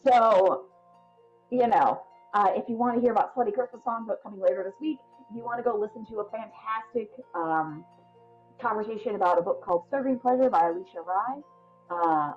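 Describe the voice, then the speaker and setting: A woman with a Midwestern accent chatting casually and rambling as she signs off from a tabletop game stream, with lots of ums. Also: medium pitch. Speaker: tabletop game player and podcast host. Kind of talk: casual sign-off chat. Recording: dull lo-fi stream audio, faint music.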